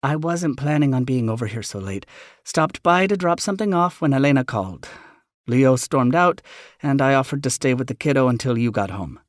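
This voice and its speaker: A man voicing a gentle, caring middle-aged mother in an audiobook. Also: mid-range voice, lively intonation, normal speed, dry recording, studio quality, pitched above the performer's own voice, lightly acted.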